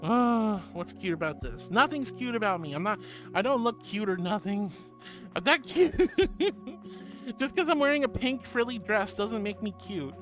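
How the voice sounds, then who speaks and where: A woman streamer chatting casually and reading her chat aloud, playful and teasing, with mock protests. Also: on the low side. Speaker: VTuber streamer.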